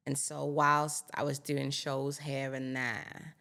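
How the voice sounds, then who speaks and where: A woman in her thirties speaks as an interview guest, with a strikingly deep voice. Her tone is gravelly with a steady fry underneath. She talks in an open, reflective, personal way. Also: slow. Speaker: guest, singer. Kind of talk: candid interview conversation.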